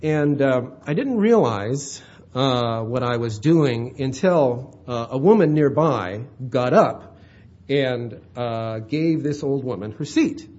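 Husky conversational male preacher. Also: medium pitch, expressive, slow pace, a little mellow, lo-fi sound. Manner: conversational, checks in with "all right?". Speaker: pastor. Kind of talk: sermon.

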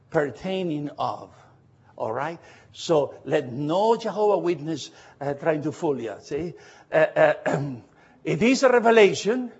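Husky high-voiced man teaching Bible study. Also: darkish tone, highs cut off. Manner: earnest, halting, often checks understanding with questions; spells out Greek letters slowly.

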